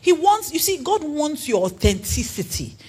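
A woman preaching a sermon in an earnest, animated way, asking her listeners questions. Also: sits high, moderate pace.

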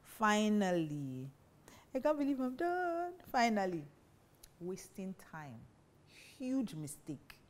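A woman's voice: medium pitch, sing-song, slow pace, faint music behind. A woman teaching on marriage in a preaching style, emphatic and full of rhetorical questions. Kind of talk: preaching talk to women.

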